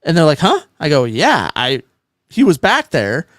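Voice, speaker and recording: Animated man telling a story, lively pitch. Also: moderate pace, no echo, clean studio sound. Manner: animated storyteller, acts out other people's lines. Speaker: podcast co-host. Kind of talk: casual chat, storytelling.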